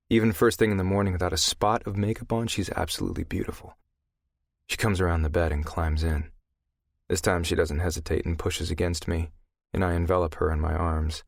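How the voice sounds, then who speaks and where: A man narrating a first-person audiobook in a gruff, profane, intimate way on a close mic. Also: low voice, no echo.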